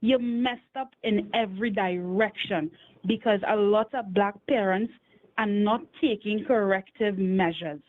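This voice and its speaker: A woman's voice: mid-range voice, a little slow. A woman from Trinidad and Tobago, calling in to a talk show and earnestly laying out her points one by one. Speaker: caller. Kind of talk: call-in opinion over the phone. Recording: tinny phone line.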